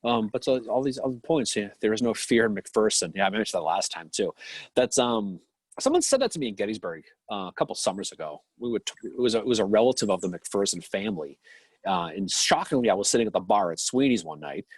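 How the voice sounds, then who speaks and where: A man's voice: fairly low pitch, expressive, fast, breathy edge, no room sound. A man with a Boston accent co-hosting a casual chat, rambling with lots of restarts. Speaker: podcast co-host.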